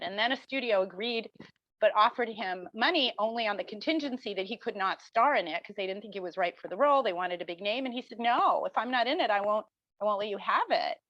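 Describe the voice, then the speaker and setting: A middle-aged woman, a marketing professor, answering interview questions as an animated storyteller who acts out the people she quotes. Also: mid-range voice, no room sound. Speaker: marketing professor, podcast guest. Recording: dull dry lo-fi sound.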